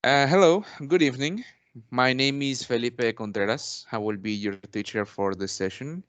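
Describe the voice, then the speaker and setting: A young Mexican man whose first language is Spanish plays the teacher in an English lesson role-play, speaking at normal speed with a smooth, average male pitch. His phrasing is formal and polite, filled with "actually" and restarts. The recording is dry and close, with almost no room echo.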